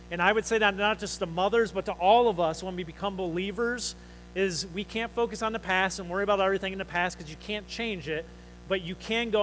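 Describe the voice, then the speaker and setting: A man's voice: high-pitched, a bit bright, slight background noise, low-quality recording. A man preaching a sermon in a conversational, storytelling way, asking the congregation questions. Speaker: pastor.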